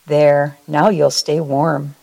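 A woman reading a storybook voices a kind, gentle male snowman who talks softly and with a sigh. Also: low voice, level tone, slow pace, vocal fry, dull audio, heavily acted. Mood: tender. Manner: soft, sighing.

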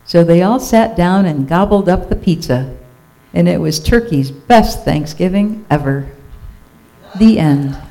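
A storyteller reading a children's picture book aloud with expressive, playful delivery. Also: mid-range voice, measured pace, low-quality recording.

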